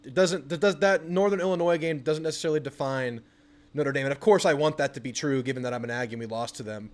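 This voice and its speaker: A young man hosting a live football watch party, chatting casually about the game and bursting into excited yelling at the TV on big plays. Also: mid-range voice, quick pace. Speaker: sports channel host.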